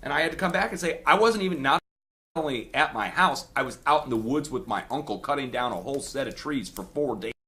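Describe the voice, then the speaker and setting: Fairly quick and sharp-toned, a man hosting an earthquake forecast video indignantly rants to his viewers, calling them "guys." His medium-pitched voice is expressive as he keeps repeating himself to push back against critics.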